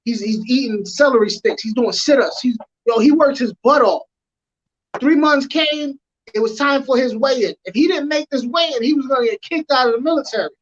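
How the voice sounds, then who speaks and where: A woman telling a long anecdote in an animated, slangy way on a casual podcast. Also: sits high, highs cut off, slight background noise. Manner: animated, drawn-out storytelling with slang. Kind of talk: casual podcast chat, storytelling.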